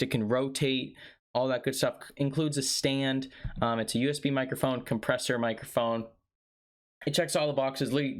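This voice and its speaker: A man giving a casual, enthusiastic product review straight into a desk condenser microphone, talking to his viewers. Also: mid-range voice. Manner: enthusiastic, salesy, addresses viewers as guys. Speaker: tech reviewer. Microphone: condenser USB microphone on desk.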